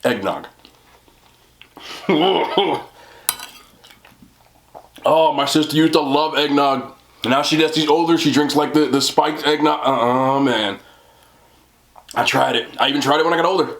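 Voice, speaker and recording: A man's voice: fairly high pitch, fairly quick, fairly bright tone. A young man chatting casually on camera while he eats, laughing often and poking fun at himself. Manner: chatty and self-deprecating, laughs often, talks while eating. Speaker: mukbang vlogger. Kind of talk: casual eating vlog chat. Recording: roomy home recording.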